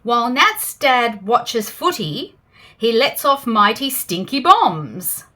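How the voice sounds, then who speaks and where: Slow and fairly high-pitched, an Australian woman brings children's picture books to life as she reads them aloud. Gasps and playful sound effects keep her reading animated for young listeners.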